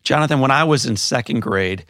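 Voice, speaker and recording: A man's voice: mid-range voice, animated, brisk, a bit bright, no echo, clean studio sound. A man hosting an interview, asking guiding questions and sharing his own stories in a plain, earnest way. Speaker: interview host. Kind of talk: conversational interview.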